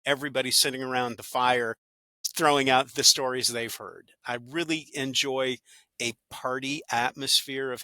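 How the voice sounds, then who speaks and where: Appearing as a guest in a casual interview, this man, an actor and good-news podcaster, tells cheerful stories and sometimes performs small quoted voices. He speaks at a moderate pace in a steady, sharp-toned, medium-pitched voice, with no echo.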